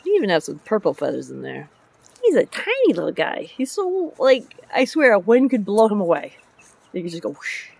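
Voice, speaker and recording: A woman who drives dump trucks for public works vlogs in a chatty, rambling way, jumping from topic to topic, talking about her chickens and her job and laughing often. Her medium-pitched voice swoops wildly and is gravelly, a little mellow and slightly rough, at normal speed with no echo.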